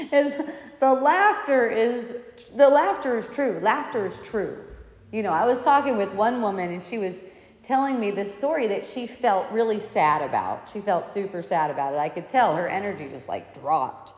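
A woman's voice: medium pitch, animated, normal speed. A woman telling stories in a casual talk, meandering and often breaking into laughter. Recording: echoey room with long reverb.

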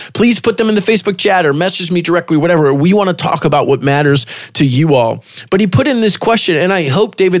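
A man's voice: a little high, dry recording. Dry-voiced male Christian podcast host. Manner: reads an essay aloud, then chats loosely with many restarts. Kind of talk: casual faith podcast chat.

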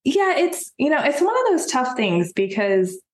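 A woman's voice: sits high, sing-song, moderate pace. Earnest woman in an echoey room. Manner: soft-spoken, earnest, many fillers. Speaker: guest. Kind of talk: personal conversation. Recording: roomy echo.

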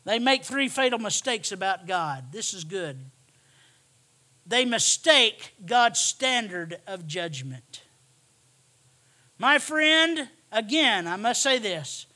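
High, bright-voiced male preacher. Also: animated, takes it slowly. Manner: emphatic, repeats lines, swings from hushed to shouting. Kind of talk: sermon.

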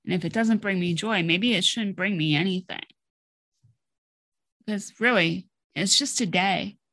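A middle-aged woman hosts her own podcast, delivering a personal-story monologue in a mid-range, slightly bright voice captured in a dry recording. She's blunt and candid, swearing freely as she talks.

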